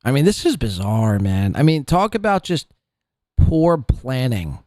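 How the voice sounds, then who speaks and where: A man's voice: medium pitch, big pitch swings, unhurried, a little mellow, no echo, clean studio sound. A man hosting a podcast who rants in a profane, scornful, rambling way about people he covers. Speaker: podcast host. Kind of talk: ranting commentary.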